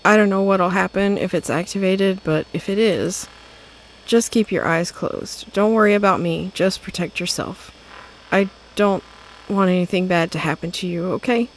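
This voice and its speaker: A woman's voice: mid-range voice, normal speed, slight background noise. A woman game streamer narrating and voicing her detective cat in a playful, amused way. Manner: playful, giggly, quietly amused. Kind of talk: casual narration of a story game.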